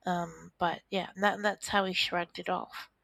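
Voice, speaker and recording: Woman, interview guest, mid pitch, dry close sound, animated storyteller who acts out dialogue. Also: a little slow, creaky, dry recording, rough recording. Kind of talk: recounting a personal story.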